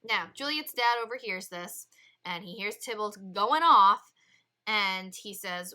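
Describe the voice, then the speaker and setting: A woman teacher talks students through a read-along literature lesson in a bright, clear voice. She explains in a lively, chatty way, at a middle pitch. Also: unhurried. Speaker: English teacher.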